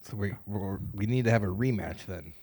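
A man's voice: on the low side, moderate pace, a little mellow, breathy edge. A man co-hosting a casual podcast, teasing his co-host and laughing often. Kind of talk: casual chat.

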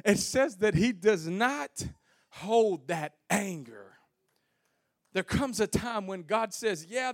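High-voiced preaching man, shouting and soft. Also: no echo, studio quality. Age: young adult. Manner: builds from soft pleading to shouted, sing-song preaching; folksy, calls out to the congregation. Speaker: pastor. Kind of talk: sermon. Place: church sanctuary before a congregation.

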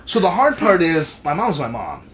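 A man's voice: on the high side, moderate pace, slight background noise. A man in his thirties in casual, profane conversation, telling stories about family with lots of swearing. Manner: animated, swears freely. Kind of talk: casual chat.

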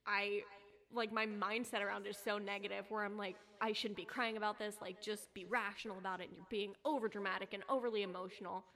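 A woman's voice: mid-range voice, fairly even intonation, fast, fairly bright tone. Candid young woman chatting, laughs a lot. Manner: candid and self-mocking, laughs often. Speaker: guest. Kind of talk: casual podcast chat.

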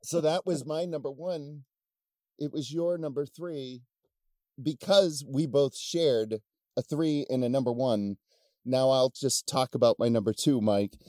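With a warm, medium-pitched voice and a slightly slow pace, a man co-hosts a podcast, sitting close to the mic with no room sound. The banter is casual, and he jokes, runs himself down, and swears freely.

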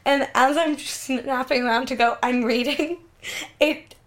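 A woman co-hosting a podcast in casual chat, telling animated stories with frequent swearing and laughter. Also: high-pitched, measured pace. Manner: animated storyteller, swears freely, laughs often. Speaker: podcast co-host.

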